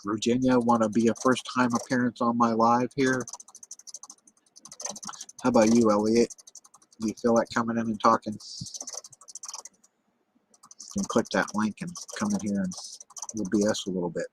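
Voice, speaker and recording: A man's voice: fairly low pitch, level tone, moderate pace, pauses often, slight background noise, low-quality recording. An American man hosting a casual livestream chat, loose and talkative, swearing now and then and repeating words as he goes. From United States. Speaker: livestream host.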